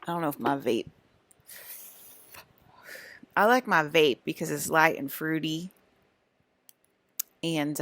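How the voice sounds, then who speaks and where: In a dry recording, a young woman with a low, gravelly voice talks to camera for her vlog. Her casual monologue drifts and repeats, with lots of fillers and restarted sentences.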